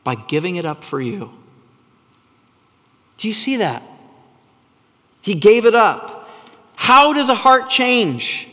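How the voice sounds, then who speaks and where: A man preaching a sermon, earnest and full of rhetorical questions, sometimes dropping to a hushed voice for emphasis. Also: sits high, long reverb tail. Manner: drops to a hushed, soft voice for emphasis. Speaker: pastor.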